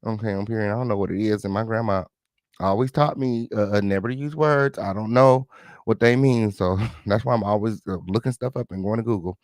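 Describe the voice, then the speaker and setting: A man's voice: fairly low pitch, fairly quick, darkish tone, no room sound, studio quality. A man hosting a live reaction commentary, sassy and chatty, talking straight to his viewers and repeating his catchphrases. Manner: repeats catchphrases, mock-dramatic asides. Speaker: host reacting to news.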